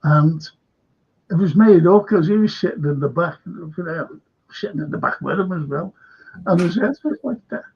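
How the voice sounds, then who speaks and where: A man's voice: sits high, animated, moderate pace, slightly rough. An older man hosting a show, telling a rambling story in casual chat and repeating himself. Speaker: host. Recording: dull lo-fi stream audio.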